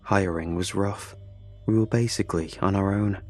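A man's voice: low voice, fairly even intonation, normal speed, a little mellow, faint music behind. A man narrating a first-person horror story in a tense, confessional way.

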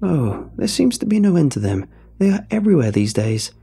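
A squawking, shrewd old woman with a rambling, snappish manner, as a male storyteller puts her on. The voice sits high and lively above a low, gravelly base, and soft music plays behind. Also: brisk, exaggerated voice.

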